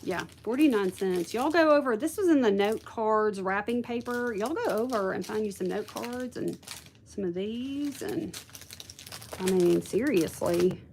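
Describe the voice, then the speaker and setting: A woman's voice: mid-range voice, measured pace, a little mellow, slight background noise. A woman hosting a casual craft livestream, chatting with viewers and thinking aloud. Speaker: craft video host.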